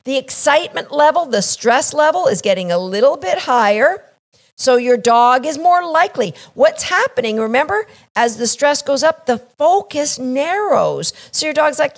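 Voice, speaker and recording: A woman's voice: high-pitched, animated, moderate pace. A woman from Canada, a dog trainer explaining a training idea, acting out little scenes and checking in with "right?".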